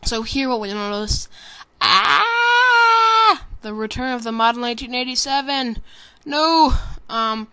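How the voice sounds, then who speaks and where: A woman's voice: a little high, fairly even intonation, a little fast, hardly any pauses, pushed and bright, clean tone. A tired woman giving casual, rambling commentary over a game trailer, full of ums and self-corrections. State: tired, sleepy. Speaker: gaming commentator.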